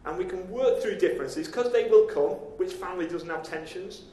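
A man's voice: high voice, fairly quick, mellow. A man preaching a sermon as pastor, talking conversationally and throwing questions out to his congregation. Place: church hall. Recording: echoey church hall.

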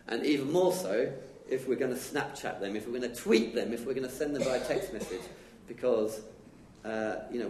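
A man's voice: mid-range voice, a little mellow. Chatty man preaching in an echoey room. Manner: conversational, chatty, acts out quick dialogue. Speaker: lay preacher. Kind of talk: informal sermon. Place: church hall. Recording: echoey church room with faint noise.

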